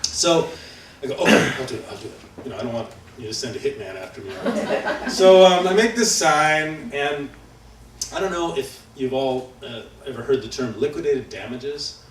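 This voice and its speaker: A man's voice: mid-range voice, animated, normal speed, slight background noise. A man telling a personal story at a live event, chatty and self-deprecating, acting out the other people's lines. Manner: conversational, self-deprecating, acts out dialogue. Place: community event hall. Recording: roomy hall, heard from far off.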